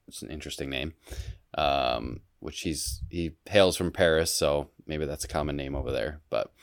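Deep-voiced man in relaxed podcast chat. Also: normal speed, creaky. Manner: relaxed, filler-heavy storytelling. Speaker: podcast co-host. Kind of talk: casual chat.

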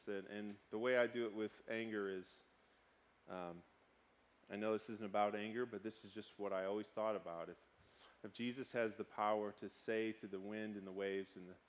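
A male pastor in his thirties preaching a conversational sermon, swinging between sudden loud outbursts and quiet, hushed passages. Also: on the low side.

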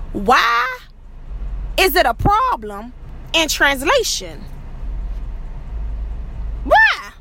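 A woman's voice: high-pitched, bright, forceful tone, slight background noise. A woman delivering a scolding monologue rant, peppered with profanity and repeated questions.

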